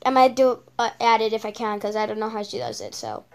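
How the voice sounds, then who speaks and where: A woman's voice: a little high, big pitch swings, quick pace, a little mellow, faint music behind. A female channel host giving casual reaction commentary on videos, rambling with lots of repeated okays and ums.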